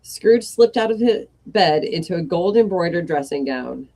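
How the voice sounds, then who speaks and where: A woman reading a comic story aloud in a measured storybook style. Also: fairly low pitch, lively intonation, mellow.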